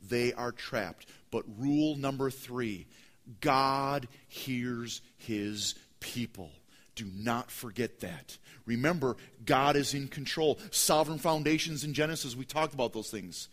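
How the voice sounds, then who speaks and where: A man preaching a sermon as pastor, emphatic and repetitive, swinging between loud and hushed delivery. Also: mid-range voice. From United States.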